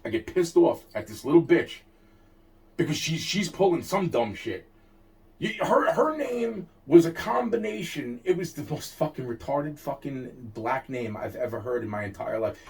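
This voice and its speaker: A man's voice: fairly high pitch, lively intonation, moderate pace, vocal fry, darkish tone. Heated, profane man ranting. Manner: heated, profane, repeats himself and restarts often. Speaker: interviewee telling a personal story. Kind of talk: casual storytelling rant. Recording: distant mic.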